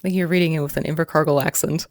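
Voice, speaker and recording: American woman, about forty, casual vlog host; low, gravelly voice, playful and self-mocking. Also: steady tone, racing, no echo, studio quality. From United States. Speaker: vlogger host. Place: outdoors by the sea.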